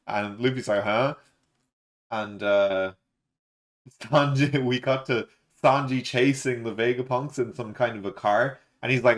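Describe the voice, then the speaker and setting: A man's voice: medium pitch, unhurried. A man hosting a live manga reaction, reading panels aloud in a loose, filler-heavy way and quoting characters offhandedly. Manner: reads panels aloud with offhand quoted lines, many fillers. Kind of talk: casual live read-along reaction.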